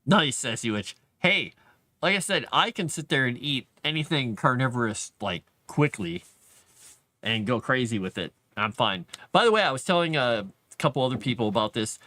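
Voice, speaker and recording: Lively chatty man hosting a stream. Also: mid-range voice, moderate pace. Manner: chatty, rambling, animated, with laughs. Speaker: livestream host. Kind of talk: casual chat with live chat. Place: home basement.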